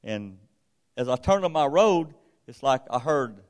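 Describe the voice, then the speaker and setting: A man's voice: mid-range voice, lively intonation, measured pace. A middle-aged man with a drawl tells a story from the pulpit. His delivery is folksy and conversational, like he's chatting with the congregation. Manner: folksy, conversational, retells dialogue. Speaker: preacher. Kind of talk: sermon storytelling.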